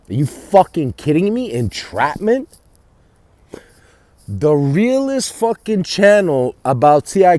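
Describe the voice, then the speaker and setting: A man rambling straight to camera, cursing often and breaking off mid-sentence to start again. His pitch rises and falls a lot, his tone is dark and mellow, and the sound is dry and close. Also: no room sound. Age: adult with children. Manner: rambling, heavy swearing, frequent restarts. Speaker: vlogger. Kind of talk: casual monologue.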